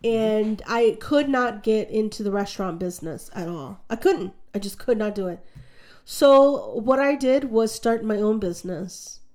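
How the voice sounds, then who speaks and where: A woman telling stories in a lively, chatty way, acting out what people said. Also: mid-range voice, unhurried. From United States. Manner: animated, chatty, acts out quotes in her story. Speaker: guest. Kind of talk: casual conversational storytelling.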